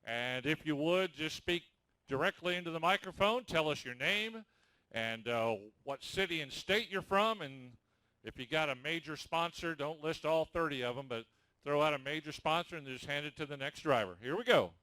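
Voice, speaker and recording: A man's voice: fairly high pitch, bright, forceful tone, clean tone, no echo. Folksy announcer man, dry sound. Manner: folksy, teasing, drawn-out delivery. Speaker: announcer at driver introductions. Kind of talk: loose, joking emcee instructions.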